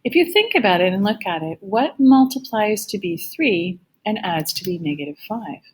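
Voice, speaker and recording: A woman math teacher giving a recorded lecture with a slightly gravelly voice, explaining each step patiently. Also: mid-range voice, animated, normal speed, poor audio.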